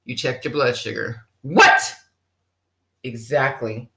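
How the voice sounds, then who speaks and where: A health vlogger giving a lively, teasing pep talk straight to the viewer, playfully acting out what the viewer might be thinking. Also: mid-range voice, a little slow, heavy background noise. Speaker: health vlogger addressing people with diabetes. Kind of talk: direct-to-camera pep talk. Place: living in a German-speaking country.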